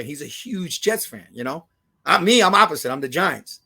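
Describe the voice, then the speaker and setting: Here the same kind of guest appears: a New York-born Puerto Rican comedian and radio host, accent to match, swapping stories in a relaxed interview. He talks briskly in a slightly high voice with a creaky, breathy edge, cursing freely, mixing in Spanish phrases and impersonating the people he quotes with lots of energy.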